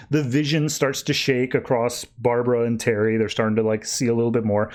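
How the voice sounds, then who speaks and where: A man hosting a podcast who recaps comics in an animated way and acts out the characters. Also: medium pitch, moderate pace, hardly any pauses. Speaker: podcast host. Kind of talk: casual comic book recap.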